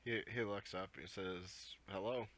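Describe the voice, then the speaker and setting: Male game master, low and unhurried, hesitant narrator. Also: fairly bright tone. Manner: hesitant, many fillers.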